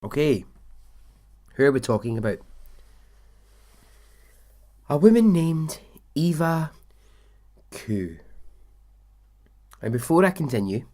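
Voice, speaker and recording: A man's voice: fairly high pitch, sing-song, a little slow, long pauses, mellow. A man hosting a storytelling podcast, chatting casually and laughing easily between asides. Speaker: podcast host.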